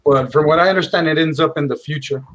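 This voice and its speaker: A man's voice: fairly high pitch, fast, a bit bright. A man appearing as a guest artist on a video call, speaking briefly with dry, joking quips. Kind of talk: casual chat.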